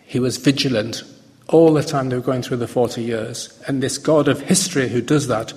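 A man preaching a sermon in a relaxed, conversational way, often pausing and restarting his sentences. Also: medium pitch. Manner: conversational, halting with fillers and restarts. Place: church hall. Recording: long hall reverb.

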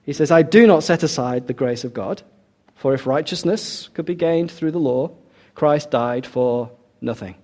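A middle-aged man preaching a sermon, pressing each point home and coming back to it again. His voice sits a little high for a man, with a mellow, warm tone. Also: normal speed. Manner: emphatic, repeats key points.

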